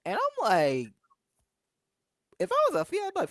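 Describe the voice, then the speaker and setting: A woman's voice: medium pitch, huge pitch swings, measured pace, pauses often, no echo. A woman co-hosting a casual show review, talking through scenes with laughs and acted-out quotes. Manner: chatty, laughing, acts out quotes in asides. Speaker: podcast co-host reviewing a reality show. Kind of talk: casual recap chat.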